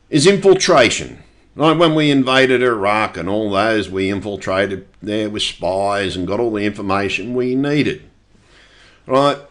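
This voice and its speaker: A middle-aged man with a fairly low voice, talking straight to his viewers. He rambles and swears constantly, hammering every point home with blunt insistence. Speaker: conspiracy video maker. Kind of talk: rambling monologue to camera.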